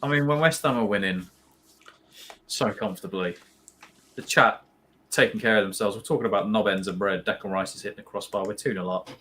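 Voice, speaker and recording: A man's voice: on the low side, a little fast, long pauses, a bit bright, a little hiss or hum. A young man co-hosting a casual live fan watch-along, chatty and rambling, playfully spinning silly stories.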